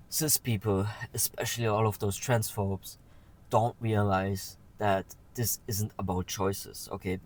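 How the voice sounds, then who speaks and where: A man talking earnestly and with feeling in a personal vlog, pausing often to say "okay". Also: lowish voice, steady tone, darkish tone, rough recording. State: emotional. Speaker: vlogger.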